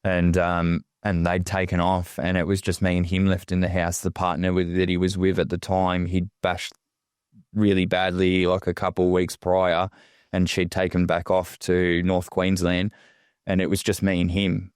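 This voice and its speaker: An Australian man telling a painful personal story as a podcast guest, halting and swearing often. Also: deep voice, completely flat delivery, darkish tone, smooth, no echo, studio quality. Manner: raw, halting, heavy swearing. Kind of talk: emotional personal testimony.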